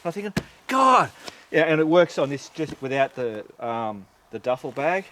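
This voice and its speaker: Talking to the camera outside, a middle-aged Australian motorcyclist vlogger spins a rambling, casual story full of swearing and fillers. His medium-pitched voice is expressive and brisk. Heavy wind and traffic noise can be heard.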